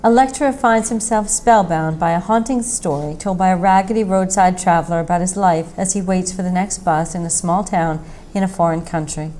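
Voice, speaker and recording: A woman reading a mystery short story aloud in a steady, measured narration. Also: fairly low pitch, a little hiss or hum, low-quality recording. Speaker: story reader.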